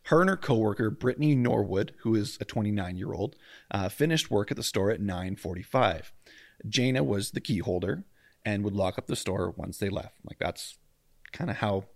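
Chatty man with a gravelly voice. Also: fairly low pitch, animated, moderate pace, no echo. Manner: chatty, jokey, stumbles over names. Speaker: podcast co-host. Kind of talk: casual true-crime podcast chat. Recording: dry close mic at home, faint outdoor hum.

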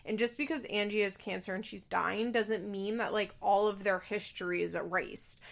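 A woman's voice: medium pitch, steady tone, moderate pace, creaky. Blunt exasperated young woman ranting casually. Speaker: reality TV recapper. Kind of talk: casual opinionated commentary.

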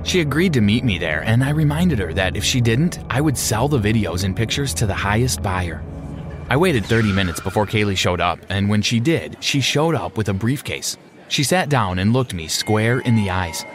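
A man narrating a first-person story in a steady, measured way. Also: fairly low pitch. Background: background music.

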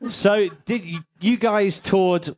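A man's voice: high voice, slow. A man hosting a live on-stage Q&A, asking playful, teasing questions. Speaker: host interviewer.

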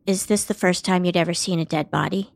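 Woman interviewer with a gravelly voice. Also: fairly low pitch, fairly even intonation, fairly quick, no room sound. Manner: brief, direct questions. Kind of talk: interview questions.

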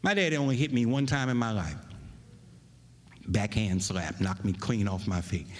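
A man preaching a sermon, swinging between loud emphasis and hushed, near-whispered lines. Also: lowish voice, normal speed. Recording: long reverb of a large hall.

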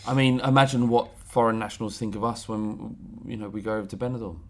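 A man's voice: lowish voice, fairly even intonation, fast. A man, co-hosting a casual podcast and joking around with friends. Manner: joking, laughs often. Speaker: podcast co-host. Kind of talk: casual banter.

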